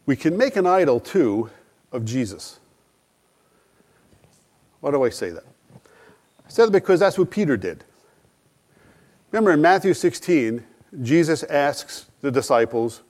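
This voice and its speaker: A man's voice: fairly high pitch, sing-song, moderate pace, long pauses, a little mellow. Earnest man preaching a sermon. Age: middle-aged. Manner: earnest, rhetorical questions, dramatic quoted dialogue. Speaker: pastor.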